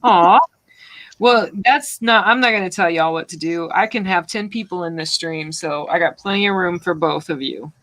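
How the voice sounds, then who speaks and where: A woman's voice: lowish voice, fairly bright tone, no room sound, poor audio. Chatty woman host on a video call. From Louisiana. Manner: chatty, effusive, quick to laugh. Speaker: art streamer, host. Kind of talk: casual video chat.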